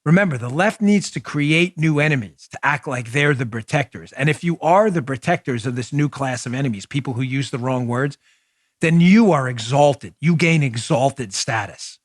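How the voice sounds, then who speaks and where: A man hosting a political talk show, delivering animated, mocking commentary with big swings in his voice. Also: mid-range voice, moderate pace, no room sound, clean studio sound. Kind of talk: opinionated commentary.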